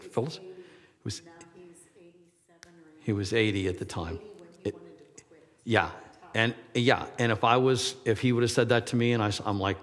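A man's voice: fairly low pitch, moderate pace, long pauses. A man in his sixties preaching a sermon, rambling and self-deprecating, often laughing at himself. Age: 60s. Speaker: pastor. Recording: long hall reverb.

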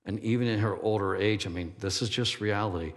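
A man's voice: on the low side, fairly quick. A middle-aged man preaching a sermon as pastor, conversational and emphatic. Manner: conversational, emphatic, self-deprecating. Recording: long hall reverb.

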